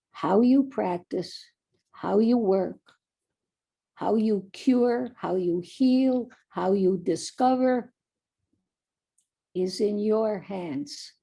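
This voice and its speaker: Woman, commencement address, husky, mellow, earnest storytelling. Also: medium pitch. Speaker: commencement speaker.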